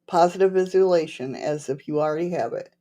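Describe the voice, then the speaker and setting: A woman with a slight lisp hosts a livestream, chatting loosely and rambling as she answers her viewers. Her voice sits a little low and sounds mellow and warm. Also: quick pace. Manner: rambling and chatty, laughs often, talks to chat viewers. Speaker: livestream host. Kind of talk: casual livestream chat.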